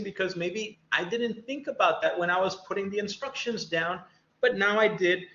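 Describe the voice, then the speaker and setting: Over a video call, a middle-aged college faculty member with a high, bright voice speaks to students in a virtual panel, conversational and encouraging, acting out little teacher-student exchanges. His tone is forceful and his pace moderate. The audio is roomy, echoey, muffled and dull, with slight background noise.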